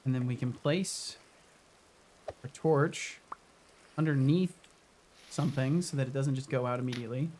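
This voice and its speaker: A man's voice: mid-range voice, moderate pace, pauses often, noisy background. A man live-streaming a video game, chatting casually with his viewers and swearing often. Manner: swears often, talks to chat while playing.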